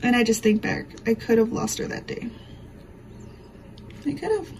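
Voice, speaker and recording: A woman's voice: on the high side, expressive, normal speed, a little mellow, a little hiss or hum, poor audio. Emotional woman vlogger. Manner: emotional, rambling storytelling with many fillers. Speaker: craft vlogger. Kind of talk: casual chat to camera. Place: home.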